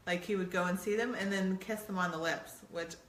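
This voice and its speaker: A woman's voice: on the low side, fairly even intonation, fairly quick, a bit bright, roomy sound, slight background noise. A middle-aged woman co-hosting a show, chatting casually and teasingly with her husband, laughing often. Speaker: podcast co-host. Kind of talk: casual chat with spouse.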